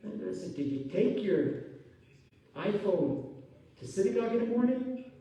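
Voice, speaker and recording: A male rabbi giving an animated Torah class sermon, telling stories and acting out the voices of the people in them. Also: high voice, moderate pace. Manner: animated storytelling, acting out quotes, sudden loud bursts. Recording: echoey hall from far off.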